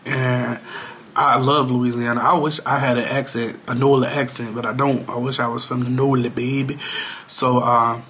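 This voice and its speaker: A man's voice: mid-range voice, little pitch movement, moderate pace, a bit bright. A man talking casually to his viewers in a home vlog, playful and loose with slang and fillers. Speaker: vlogger. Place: home, at his computer and kitchen.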